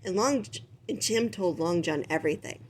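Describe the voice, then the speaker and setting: A woman's voice: on the low side, normal speed, slight background noise. Woman reading a children's book aloud. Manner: expressive, animated storytelling. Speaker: storybook reader.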